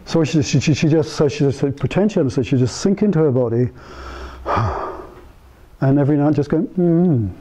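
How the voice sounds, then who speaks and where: Before a small group of therapists in a meeting room, an older man shares anecdotes conversationally, acting out the people in them while pausing and restarting as he thinks. His voice runs on the high side and sounds mellow, captured in a low-quality recording.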